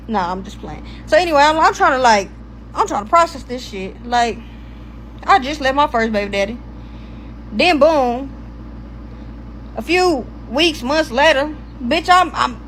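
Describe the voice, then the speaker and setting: A woman's voice: high voice, expressive, moderate pace, a bit bright, slight background noise, rough recording. A young woman telling a rambling personal story in casual storytime style, swearing freely and stopping to find her place. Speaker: storytime vlogger.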